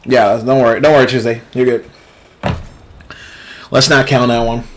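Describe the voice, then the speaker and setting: A young man hosts a gaming livestream, giving casual live gameplay commentary and chatting with viewers. He laughs often and trails off and restarts sentences, in a medium-pitched voice with little pitch movement at a moderate pace.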